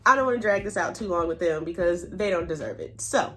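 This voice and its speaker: A woman casually recapping a reality show, chatty and animated, acting out what people said. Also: fast talker, soft background music. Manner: chatty and animated, reenacts quotes with pitch jumps. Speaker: YouTube TV recap host.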